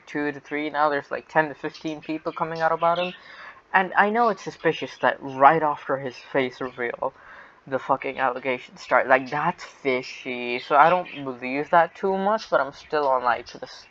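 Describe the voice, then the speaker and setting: A man's voice: fairly high pitch, normal speed, a bit bright, lo-fi sound. A man co-hosting a casual podcast, loose and profane, laughing often, on a cheap mic with a fan humming behind. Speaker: podcast co-host. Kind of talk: casual chat. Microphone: cheap non-noise-cancelling microphone. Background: fan hum and birds.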